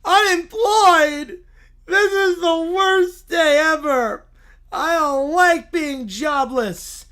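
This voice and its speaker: A grumpy little cartoon bear cub, put on by a man, complains about everything in a raised, whiny voice. He stretches his words out slowly and tips into near-shouting whenever something annoys him. The tone stays cranky and put-upon from start to finish. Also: extremely high pitch, pitched above the performer's own voice, exaggerated voice. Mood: whiny complaining. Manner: drawn-out, loud, near-shouted protests.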